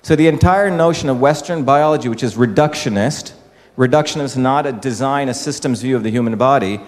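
Male speaker giving an explanatory public talk, average pitch, recorded with hall reverb. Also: a little fast. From India. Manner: explanatory, with rhetorical questions to the audience. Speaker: speaker addressing an audience. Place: large hall with an audience. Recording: echoey hall.

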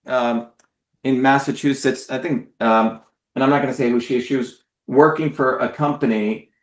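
A man's voice: medium pitch, reverberant. A man hosting a live stream, giving a blunt, profane, emphatic political monologue to viewers. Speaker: host of a live call-in stream.

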